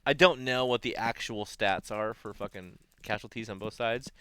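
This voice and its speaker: A man telling war-video stories in casual, profane podcast chat, animated and laughing often. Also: lowish voice, moderate pace, smooth. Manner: animated storyteller, swears often, laughs a lot.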